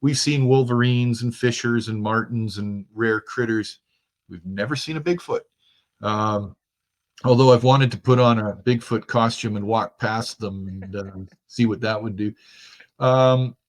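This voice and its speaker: A man's voice: mid-range voice, a little slow. A middle-aged man from Germany with no accent, a guest in a casual interview, talking in an easygoing, chatty way and laughing easily. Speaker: guest, outdoors expert.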